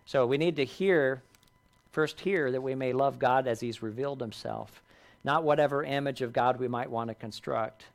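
Pastor preaching, earnest, building and dropping emphasis, mid-range voice. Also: male voice, mid-range voice, normal speed, vocal fry. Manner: earnest, rising in emphasis and dropping softly on key lines. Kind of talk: sermon.

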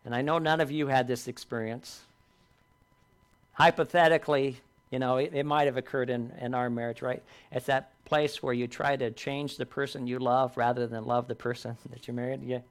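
Homem pregando um sermão com ênfase sincera. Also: male voice, medium pitch, steady tone, a little fast. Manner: earnest, rising in emphasis and dropping softly on key lines. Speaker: pastor. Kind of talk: sermon.

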